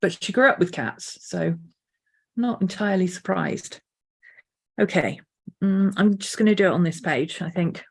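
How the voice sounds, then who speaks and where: A woman artist thinking aloud as she sketches, unhurried, now and then cooing to her dog. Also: fairly low pitch, creaky, slightly rough. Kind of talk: casual art vlog narration. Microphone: desk mic.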